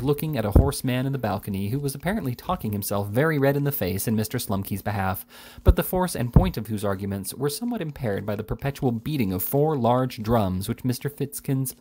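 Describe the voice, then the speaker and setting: A man reading a classic novel aloud with a lively, theatrical delivery. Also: mid-range voice. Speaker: audiobook reader.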